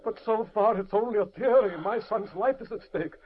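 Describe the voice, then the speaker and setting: A man's voice: high voice, moderate pace, natural voice. An actor playing a distraught professor fearing for his son in a 1940s radio drama. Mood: impatient. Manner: pleading, trembling. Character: anguished elderly male German professor, a father. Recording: muffled old radio broadcast.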